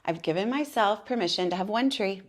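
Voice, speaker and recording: Woman co-host, mid-pitch, easygoing home chat that wanders through asides. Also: expressive, brisk. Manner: chatty, rambling, with frequent asides. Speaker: podcast co-host. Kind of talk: casual chat. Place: room in her home.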